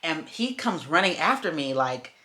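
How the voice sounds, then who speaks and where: A woman tells a story to her vlog audience, acting out the other voices. Her voice sits low but sounds bright and forceful. She calls her viewers y'all and baby as she talks. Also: big pitch swings, normal speed. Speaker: vlogger telling a story. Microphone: camera while doing makeup.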